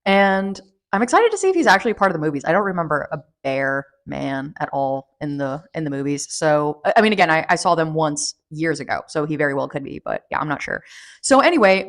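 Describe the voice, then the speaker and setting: A woman's voice: deep voice, a bit bright. A woman chatting casually through a book review vlog, rambling with lots of fillers and restarts. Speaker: book vlogger.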